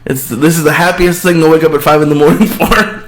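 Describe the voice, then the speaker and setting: A man's voice: on the high side, fairly even intonation, brisk, rough recording. Upbeat man laughing in casual chat. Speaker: podcast guest. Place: studio.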